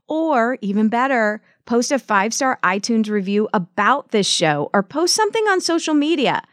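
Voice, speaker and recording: A woman's voice: fairly high pitch, dry recording, studio quality. A woman in her forties with a Southern US accent, hosting a podcast and interviewing a guest with gushing, exclamatory energy. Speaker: podcast host.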